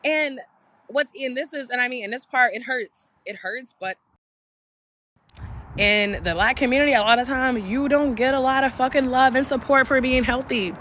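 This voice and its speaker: A woman's voice: high-pitched, normal speed. A young woman hosting a live stream, talking candidly and passionately with plenty of profanity. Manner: candid and profane, emphatic, shifts between passion and softness. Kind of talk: casual live-stream talk.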